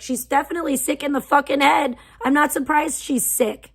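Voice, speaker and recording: Livestream host, woman, angry swearing rant, higher voice. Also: normal speed, few pauses. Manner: profane, heated, venting.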